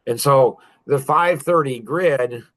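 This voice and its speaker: Here a man in his fifties, guesting on a podcast, spins stories in a joking, boastful, laid-back way with frequent laughter. He talks slowly, with a medium pitch and a fairly bright tone.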